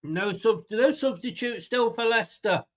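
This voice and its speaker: With a very high voice at a moderate pace, an English man hosts a live football watchalong for a fan channel. He's sweary and blunt, exasperated and sarcastic about the match, and teases the people in his chat.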